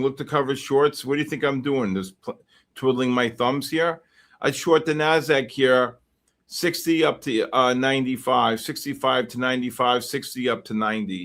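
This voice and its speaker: A man hosting a live trading stream, calling price levels and teasing viewers in chat with excitable, repetitive banter. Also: medium pitch, moderate pace. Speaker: livestream trading host.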